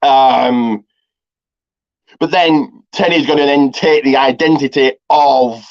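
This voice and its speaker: A man's voice: mid-range voice, steady tone, slow. A man casually retelling a movie's plot for a review, rambling with lots of ums and restarts. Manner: rambling, heavy on fillers and restarts. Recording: slightly dull lo-fi audio.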